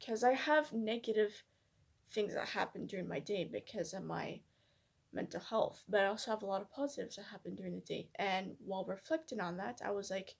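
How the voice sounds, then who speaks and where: A woman vlogger talking candidly and reflectively to her camera, hesitant and soft-spoken, with many fillers and restarts. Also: medium pitch, a little fast, gravelly, slightly rough. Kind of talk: personal reflective vlog.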